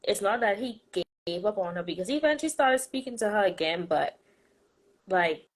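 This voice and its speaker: A woman's voice: medium pitch, expressive, moderate pace, low-quality recording. Playful, chatty woman podcast host. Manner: playful, chatty, laughs often. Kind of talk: casual faith chat.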